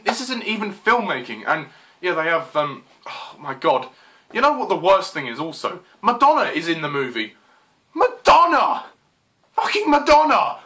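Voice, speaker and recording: A film reviewer in full rant mode, a man who swears freely and keeps stumbling through fillers. His voice sits a little high and sounds bright and forward, and his pitch leaps around as he gets worked up. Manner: exasperated, swearing, lots of fillers.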